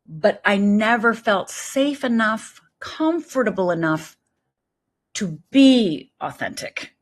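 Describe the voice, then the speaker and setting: A middle-aged woman, a life coach, talking in an animated, emphatic way as an interview guest. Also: mid-range voice, takes it slowly. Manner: animated, emphatic, lively storytelling with quoted voices. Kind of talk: conversational interview.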